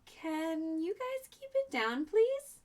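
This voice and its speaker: A woman's voice: extremely high pitch, sing-song, slow, voice pushed up, exaggerated voice. A polite young elephant girl, as a woman reads her. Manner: sweet and polite.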